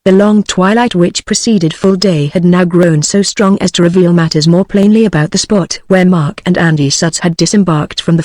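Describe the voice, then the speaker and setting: A woman's voice: lowish voice, no room sound, studio quality. A text-to-speech voice of a woman with a British English accent narrating an adventure novel as an audiobook. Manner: even synthetic reading.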